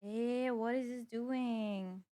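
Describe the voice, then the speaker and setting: A woman's voice: a little high, steady tone, takes it slowly, dark tone. A young woman streaming live, chatting casually as she works and playfully scolding her cat. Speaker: VTuber streamer. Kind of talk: casual livestream chat.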